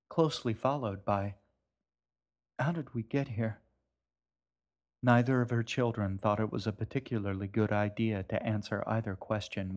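A man reading his own novel aloud as narrator, in a calm, measured way. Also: on the low side. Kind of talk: audiobook narration.

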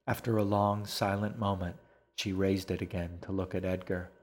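A man narrating a dark fantasy audiobook in a measured, even manner. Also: deep voice. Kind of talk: scripted narration.

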